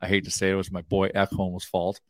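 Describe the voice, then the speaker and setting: A man with a low voice co-hosts a hockey talk show from his home basement. He rambles loosely, full of fillers and restarts. The sound is dry, with no room echo. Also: completely flat delivery, fast talker. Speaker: co-host, hockey analyst. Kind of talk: casual sports talk show. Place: home basement, door closed.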